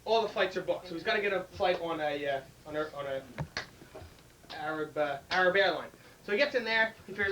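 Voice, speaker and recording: A man hosting an informal comedy night, telling a joke in a loose, halting way with fillers. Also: high voice, fairly bright tone. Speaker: host inviting joke tellers. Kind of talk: casual stand-up joke telling. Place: live informal comedy gathering. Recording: distant mic, faint background noise.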